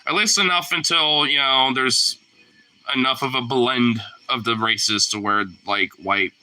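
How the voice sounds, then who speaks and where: A man talking in a casual, rambling monologue, slangy and profane and full of fillers, moving between loud outbursts and low mutters. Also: fairly even intonation, a little slow, low-quality recording.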